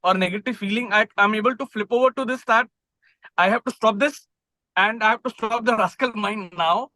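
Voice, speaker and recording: A man's voice: high voice, a little fast, pushed and bright, dry recording, poor audio. A man taking part in an online group call, sharing his experience hesitantly with many fillers. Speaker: participant on the call. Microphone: video call.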